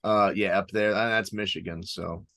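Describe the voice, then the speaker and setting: Low-voiced man joking on a podcast. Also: normal speed, vocal fry. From Chicago area. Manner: joking, rambling, deadpan irony. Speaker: podcast co-host. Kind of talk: casual chat.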